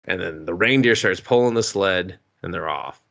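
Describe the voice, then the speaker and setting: A man's voice: low voice, moderate pace, creaky, a bit bright, highs cut off. A man co-hosting a podcast, recapping a movie in casual chat, swearing freely and acting out the characters' lines. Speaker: podcast co-host.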